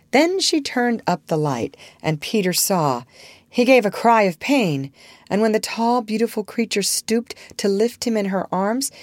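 A woman narrating a storybook aloud in an expressive, gently wistful way. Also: mid-range voice, dry recording. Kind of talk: storybook reading.

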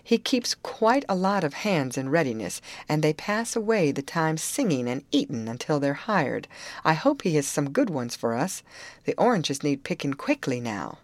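A woman's voice: deep voice, big pitch swings, normal speed, no echo. A woman reading the part of a blunt, matter-of-fact middle-aged male overseer in an audiobook.

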